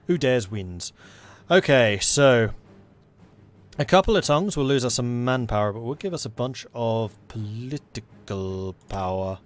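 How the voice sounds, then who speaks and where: A man's voice: medium pitch, expressive, a little slow, soft background music. A man casually commenting as he plays a strategy game, thinking aloud. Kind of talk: gameplay commentary.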